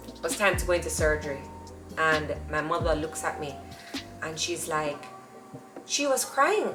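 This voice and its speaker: Woman, vlog storyteller, chatty and animated, acts out the people she talks about. Echoey room with faint music under her. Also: mid-range voice, normal speed. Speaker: vlogger. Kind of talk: casual storytelling to camera.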